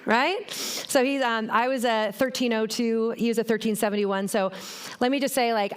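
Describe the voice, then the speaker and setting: A middle-aged woman giving a motivational keynote talk on a conference stage, telling stories and speaking straight to the audience. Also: a little high. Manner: animated, storytelling, addresses the audience directly.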